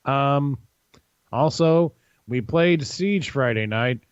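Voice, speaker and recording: A man's voice: mid-range voice, moderate pace, a little mellow, dry recording, highs cut off. A man hosting a casual gaming podcast, rambling and laughing often as he acts out quotes. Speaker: podcast host.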